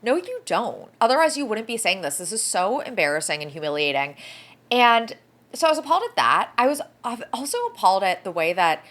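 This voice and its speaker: A woman co-hosting a casual pop-culture gossip podcast, animated and blunt, peppering her talk with "like" and the odd swear word. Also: medium pitch, brisk. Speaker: podcast co-host.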